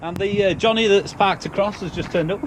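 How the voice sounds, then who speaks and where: A man's voice: sits high, brisk. Jokey English man vlogging outdoors. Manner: chatty, jokey, laughs often. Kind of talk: casual vlog chat. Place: outdoors at a car charging spot. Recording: noisy outdoor recording with traffic.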